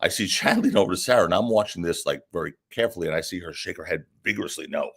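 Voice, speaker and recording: A man, a defense attorney, telling a story as a guest in a casual interview, in an animated, lively way. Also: sits low, rapid-fire, gravelly, husky.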